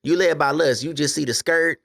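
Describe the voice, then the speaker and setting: A man's voice: a little high, a little fast, vocal fry, fairly bright tone. An American man co-hosting a casual podcast discussion, opinionated and profane, lecturing his listeners. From USA. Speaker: podcast co-host.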